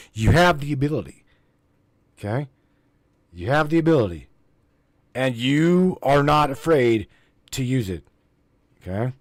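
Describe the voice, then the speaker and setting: This is the host of a spiritual livestream broadcast, a man whose medium-pitched voice comes through a dry recording. He addresses his live chat casually, circling back over points with emphasis and cursing without restraint.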